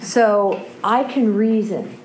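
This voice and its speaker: A woman's voice: medium pitch, slow, darkish tone, a little hiss or hum, poor audio. A woman giving an impassioned personal testimony about recovery, earnest and often checking in with a questioning "right?". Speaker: speaker sharing a recovery story.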